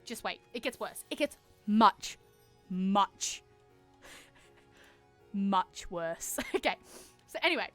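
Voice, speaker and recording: A young-sounding Australian woman with a bright, forceful voice pitched a little high spins a story for her stream chat. She is animated and swears a lot, jumping into the voices of the people in the story, and soft music plays under her. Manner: animated, swears freely, acts out quotes.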